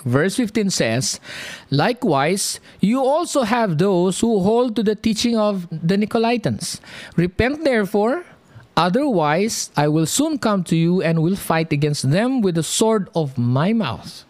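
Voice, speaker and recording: A man preaching a sermon, talking slowly and animatedly and checking in with the audience often. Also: sits high, dry recording. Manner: lively, animated, drawn-out delivery, frequent "okay?" check-ins. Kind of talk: sermon teaching.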